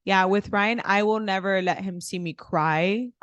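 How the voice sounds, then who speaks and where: A woman's voice: mid-range voice, a little slow, a bit bright, clean tone, no room sound, muffled recording. A woman co-hosting a casual podcast, blunt and profane, with dramatic, teasing retellings. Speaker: podcast co-host. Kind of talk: casual chat.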